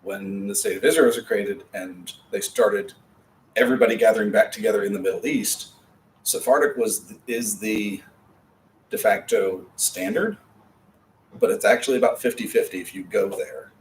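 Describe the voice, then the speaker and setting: Low-voiced man teaching a class. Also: very animated, moderate pace. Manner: patient, explanatory, chatty asides. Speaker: Hebrew teacher. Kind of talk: classroom lecture. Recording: distant mic with faint background noise.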